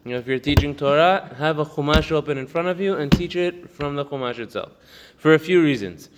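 A man's voice: a little high, noisy background. Man teaching a Torah class in a reverberant room. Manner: reads quickly in Hebrew, then explains in English with laughs. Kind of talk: casual Torah class reading and explaining a text.

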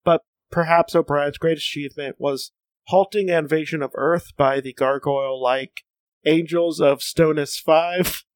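Laughing, animated man reading wiki bits. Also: on the high side, normal speed, dry recording. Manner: animated, laughs often, stumbles and restarts. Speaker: podcast co-host. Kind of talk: casual comics podcast chat, reading a wiki aloud.

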